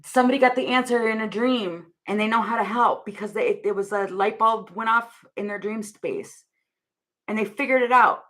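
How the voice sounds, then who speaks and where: A woman's voice: fairly high pitch, moderate pace, a bit bright. A young woman giving a casual tarot reading to camera, rambling and laughing often as she thinks aloud. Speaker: tarot reader.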